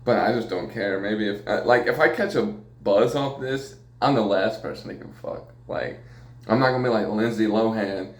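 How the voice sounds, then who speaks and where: Brief: a low-voiced male podcaster riffing casually and crudely, recorded in an echoey room. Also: normal speed. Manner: rambling, profane, jokey, laughs often. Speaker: podcast host. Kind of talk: casual solo podcast monologue.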